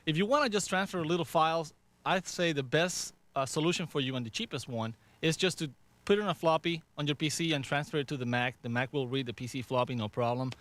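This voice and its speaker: A man's voice: a little high, quick pace, a bit bright. Good-humored male tech expert. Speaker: Mac expert on a talk show. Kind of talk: live radio talk show answers.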